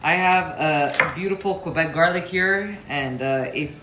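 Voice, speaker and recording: A woman's voice: deep voice, unhurried, over music. A woman hosting a casual cooking demonstration in her kitchen, chatting straight to her viewers with frank asides. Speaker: cooking show host. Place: kitchen at the stove. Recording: clear frying and sizzling behind the voice. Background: sizzling pan, stirring, clicks.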